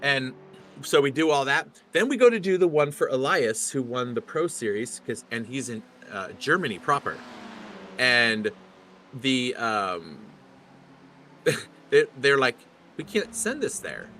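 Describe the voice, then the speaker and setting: A man's voice: mid-range voice, expressive, unhurried, pushed and bright, slight background noise. A middle-aged man commentating a sim race, chatty and rambling, often laughing.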